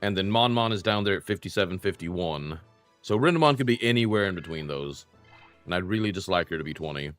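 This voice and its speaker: A man's voice: deep voice, animated, fairly quick, a bit bright, no room sound. A young man streaming a retro game, chatting casually and self-deprecatingly with his viewers while he plays. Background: faint game music.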